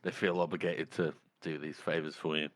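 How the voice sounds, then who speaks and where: Male co-host, low voice, rapid lively talk. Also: dry recording, clean studio sound. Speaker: podcast co-host. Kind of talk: casual chat.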